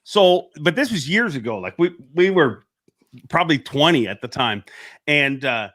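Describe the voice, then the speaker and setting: A man chats casually about fishing, his voice sitting fairly high. His tone is bright and forceful, and he rambles through his tales, laughing at his own jokes. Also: very animated, moderate pace. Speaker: professional angler telling stories. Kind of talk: casual chat.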